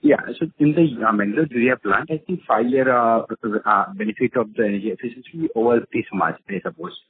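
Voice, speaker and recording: A male analyst asking questions on an earnings call, halting with many fillers and uneven loudness, heard over a muffled phone line with background noise. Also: mid-range voice, expressive, husky, no echo.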